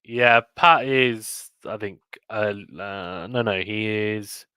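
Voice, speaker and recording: A man with a British accent hosting a live tennis play-by-play stream, chatting casually and reading viewer comments between points, then calling each point with rising excitement. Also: on the low side, takes it slowly, clean tone, no echo.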